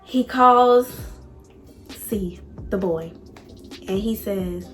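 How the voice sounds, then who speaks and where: A woman's voice: medium pitch, extremely slow, fairly bright tone, echoey room, soft background music. A young woman vlogger telling a personal love story to her viewers, candid and emotional.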